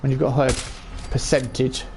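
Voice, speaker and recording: Brief: male streamer, gravelly voice, mid pitch, loose chatty game commentary. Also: little pitch movement, fairly quick, over music. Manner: chatty, chuckles often, talks to chat. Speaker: gaming streamer. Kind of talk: casual let's-play commentary.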